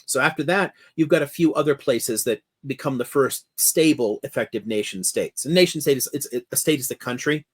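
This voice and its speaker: A man's voice: medium pitch, a little fast, hardly any pauses, slightly rough. A man explaining history in a thoughtful, discursive lecture style, recorded over a video call from a home office. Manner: thoughtful, discursive, laughs easily. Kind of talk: explanatory lecture in casual conversation. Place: home office with a monitor, indoors.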